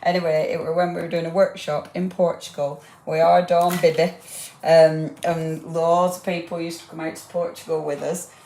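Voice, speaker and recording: A woman with a low voice hosts a live craft demonstration. She talks in a warm, rambling, enthusiastic way and chats to her viewers as she works. The sound is roomy, with a faint hum of background ambience. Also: little pitch movement, moderate pace. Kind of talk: chatty live craft demo. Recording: roomy echo.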